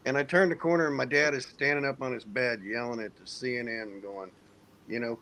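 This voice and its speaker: A middle-aged man from Indiana, a former soldier, tells a long story to friends in an easygoing, cuss-laden way. His voice sits at an ordinary middle pitch, and he drifts between plain narration and quick mimicry of other people. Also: a bit bright, a little hiss or hum. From United States (Indiana). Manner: profane, laid-back storyteller who mimics others. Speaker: military veteran storyteller. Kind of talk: casual storytelling in a group hangout.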